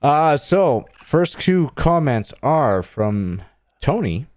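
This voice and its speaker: A man's voice: fairly high pitch, very animated, slow pace, a little mellow, no echo, studio quality. A man hosting a casual podcast, steering the talk and reading listener comments aloud. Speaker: podcast host. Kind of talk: casual chat.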